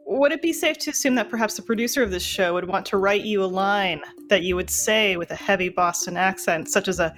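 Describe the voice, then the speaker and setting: Female contestant, bright tone, wry and skeptical, quick with the teasing. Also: medium pitch, soft background music. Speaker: game contestant. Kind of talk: casual game show banter.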